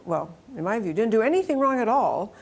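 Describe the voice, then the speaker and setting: A woman's voice: on the high side, sing-song, brisk. Earnest woman talk show host. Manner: earnest and affirming, rambling commentary. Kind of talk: conversational interview.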